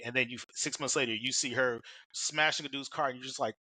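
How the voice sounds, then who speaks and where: Male podcast host, quick and forceful delivery, dry close sound. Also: medium pitch, fairly even intonation, no echo, low-quality recording. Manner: rambling, many fillers and restarts. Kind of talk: casual interview chat.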